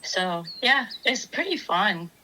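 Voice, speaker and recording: Chatty woman co-host, bright and forward voice, faint noise behind. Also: medium pitch, sing-song, slow pace, poor audio. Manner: chatty, explains step by step. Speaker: podcast co-host. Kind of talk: casual chat.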